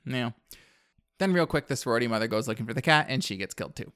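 A man's voice: mid-range voice, animated, fast, a bit bright, dry recording. A man on a podcast casually recapping a horror movie plot, rambling with lots of fillers and wry asides. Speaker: podcast co-host.

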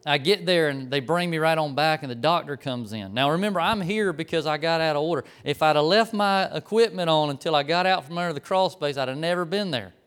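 Middle-aged male preacher, animated storyteller with a smooth, fairly high voice. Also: fairly quick, few pauses. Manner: animated storyteller, acts out the people in his story. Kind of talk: storytelling sermon.

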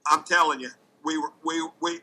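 A slightly high, very bright and ringing male voice carries a casual, loose story at normal speed. The speaker is animated, trips over repeated words, and at times leaps his voice upward to play out what people said, all on a low-quality recording.

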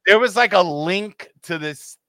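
A man's voice: sits high, a little slow, a crowd in the background. A man co-hosting a sports podcast, joking in an easygoing way. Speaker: podcast co-host. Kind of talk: casual sports chat.

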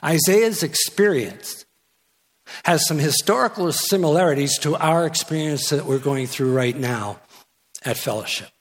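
An older guest pastor, unhurried and expressive in a slightly high voice, preaches from the pulpit with teasing jokes. He restarts and adds asides as the church hall reverberates at length.

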